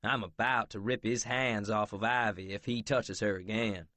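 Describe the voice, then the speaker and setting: A man's voice: lowish voice, steady tone, normal speed, few pauses, pushed and bright, no echo. A man narrating a romance audiobook in first person, blunt and brooding, with profanity.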